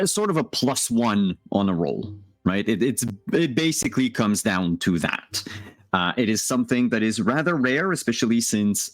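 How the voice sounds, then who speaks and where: A man with a lowish voice, recorded dry and close, runs a tabletop game on a call. He explains things casually and stops to think aloud with fillers. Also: no room sound. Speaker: game master. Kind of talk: casual livestream chat.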